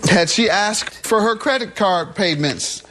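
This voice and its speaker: A man presiding as judge, questioning parties briskly and handing down a ruling. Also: sits high, sharp tone, a little hiss or hum. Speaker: court show judge.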